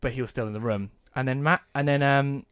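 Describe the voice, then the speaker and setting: A young man co-hosting a casual podcast, rambling and restarting as he tells gaming stories, getting loud and laughing when excited. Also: medium pitch, fairly quick, clear, resonant tone, no echo, clean studio sound. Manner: rambling, self-correcting storyteller who gets loud and laughing when excited. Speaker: podcast co-host. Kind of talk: casual chat. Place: home studio, dry close mic. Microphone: close podcast mic.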